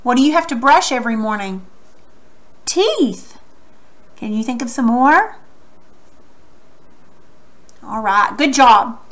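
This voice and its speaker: Slow-talking teacher woman, high voice. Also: lively intonation, a bit bright. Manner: slow, exaggerated syllable clapping; encouraging, asks students questions. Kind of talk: recorded classroom lesson.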